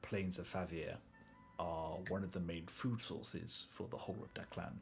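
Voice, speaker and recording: A man voicing a calm, formal older guide who speaks in measured tones, in a tabletop game. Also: sits low, vocal fry, music in the background, voice pushed down.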